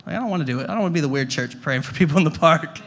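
Male guest pastor, young adult, high bright voice, chatty sermon storyteller, trips over repeated words. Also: expressive, rapid-fire. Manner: stammering restarts, repeats words; conversational, jokey asides.

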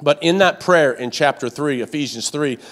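Fairly high-pitched and at normal speed, a male pastor preaches to a congregation in the church sanctuary and to viewers online. He uses a repeating cadence and call-and-response, and stammers into fresh starts when worked up.

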